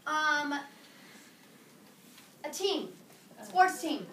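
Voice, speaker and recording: A high, bright-voiced woman teaches a high school class with playful energy, tossing questions to her students. She is picked up from a distance in a reverberant classroom, with a faint hum of room noise behind her. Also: sing-song, drawn-out words.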